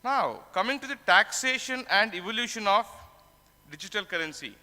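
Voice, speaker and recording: A man's voice: sits high, lively intonation, normal speed, sharp tone, in a large hall. A man giving a conference lecture, explaining terms and posing questions to himself before answering them. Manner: explanatory, asks and answers his own questions. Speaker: tax conference speaker. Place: conference hall.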